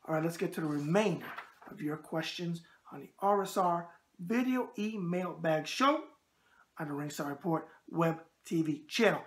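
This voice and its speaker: A man's voice: a little high, moderate pace. A brash man with a New York accent, hosting a boxing show and answering viewer emails with catchphrases and wisecracks.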